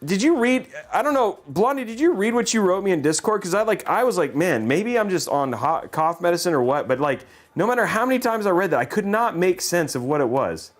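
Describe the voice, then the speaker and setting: A man's voice: high-pitched, very animated, fairly quick, hardly any pauses. A man hosting a livestream, chatting casually in a rambling, joking way and laughing often. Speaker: livestream host.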